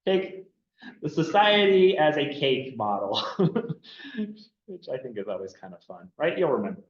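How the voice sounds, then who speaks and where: A man lecturing a class in a relaxed, chatty way, checking in with the room over and over and leaning on fillers between points. His voice sits at an ordinary middle pitch. The recording is dull and roomy, like a classroom captured from a distance. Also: moderate pace. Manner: casual and chatty, many fillers and "right?" checks. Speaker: anthropology lecturer.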